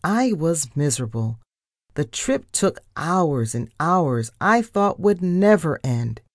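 A woman reading a children's story in an unhurried, lively way, her low voice moving a lot. The sound is dry and close. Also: dry recording. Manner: animated reading, first-person narration.

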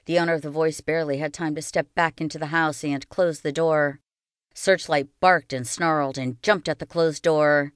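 A woman reading a children's novel aloud with slow, expressive storytelling. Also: low voice, clear, resonant tone, dry recording, studio quality. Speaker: reader.

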